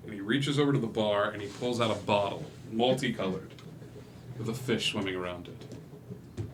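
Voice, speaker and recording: A man's voice: on the low side, moderate pace, slight background noise. Man, game master, tabletop narration, casual, filler-heavy. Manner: loose, filler-heavy narration that builds to loud excitement.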